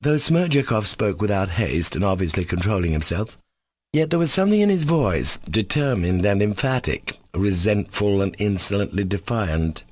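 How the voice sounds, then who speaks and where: A man narrating a classic novel as an audiobook in a measured, even reading. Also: lowish voice, no echo.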